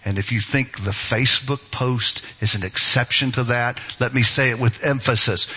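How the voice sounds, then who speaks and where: A middle-aged man preaching a sermon as pastor, emphatic and rising to forceful, high-pitched stresses. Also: moderate pace, few pauses, breathy edge.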